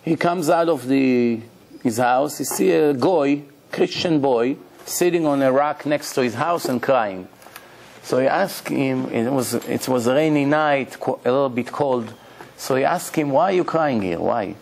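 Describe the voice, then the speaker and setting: A man giving a religious lecture as a rabbi, emphatic and animated, repeating key phrases as he tells stories. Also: mid-range voice, measured pace, vocal fry.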